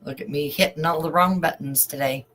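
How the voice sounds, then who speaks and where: A man's voice: on the high side, steady tone, a bit bright, poor audio. A man reading a news story aloud and adding emotional asides as an online commentator. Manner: slow, emotional asides between read passages.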